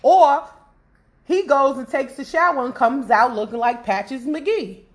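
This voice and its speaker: A woman hosting a podcast in casual chat, animated and laughing as she talks to listeners. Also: sits high, a little slow. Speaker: podcast host.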